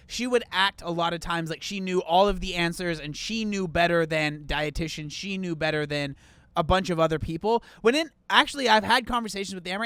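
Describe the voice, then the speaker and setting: A man's voice: high voice, fairly bright tone, smooth, dry recording. A man rambling and chatting casually as he comments on clips in a reaction video. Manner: rambling, chatty, restarts often.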